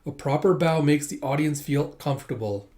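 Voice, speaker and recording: A man's voice: a little high, normal speed, a little mellow, natural voice. A man reading a manga aloud and voicing a strict male senior apprentice who speaks formally and lectures. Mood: stern.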